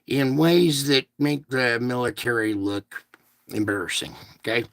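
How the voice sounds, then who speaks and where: A man's voice: mid-range voice, measured pace, no room sound. A man in his fifties talking to his viewers in a rambling, emphatic rant, often checking in with "okay?". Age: 50s. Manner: emphatic, ranting, addresses listeners with "okay?". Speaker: vlogger.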